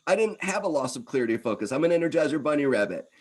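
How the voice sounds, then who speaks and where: A man in his fifties giving an energetic wellness presentation, animated and talking in quick bursts. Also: on the high side, husky. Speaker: wellness speaker. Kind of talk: presentation talk.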